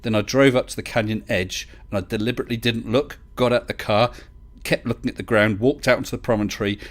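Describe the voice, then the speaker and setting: British male stream host, chatty, mid-pitched, laughs easily. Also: fairly even intonation, fast. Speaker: livestream host. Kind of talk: casual live-stream chat.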